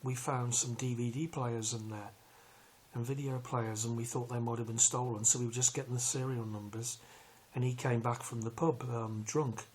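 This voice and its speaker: A man, telling a long personal story in a rambling, halting way with many fillers. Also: mid-range voice, level tone, darkish tone, breathy edge. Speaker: vlogger recounting a police arrest. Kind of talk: casual storytelling.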